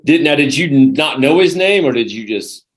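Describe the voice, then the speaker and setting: A man's voice: mid-range voice, lively intonation, normal speed. Man host, casual chat, eager questions, frequent laughs. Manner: prodding, laughs often. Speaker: podcast host.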